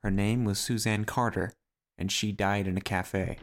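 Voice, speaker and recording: A middle-aged man voicing a world-weary male duck private eye who narrates a noir game in a dry, deadpan, wisecracking way. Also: lowish voice, normal speed, a little hiss or hum, lightly acted. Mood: wry.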